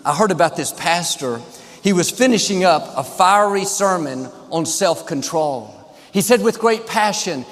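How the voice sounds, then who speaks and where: Man, pastor, upbeat joke-telling, fairly high voice, long hall reverb. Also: animated, moderate pace. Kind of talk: sermon opening joke. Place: large church auditorium.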